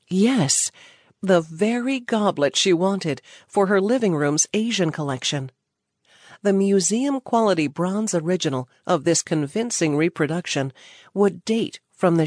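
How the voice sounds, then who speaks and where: Female storyteller, dramatic read, low-pitched with a dry recording. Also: dry recording. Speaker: narrator. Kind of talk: scripted story narration.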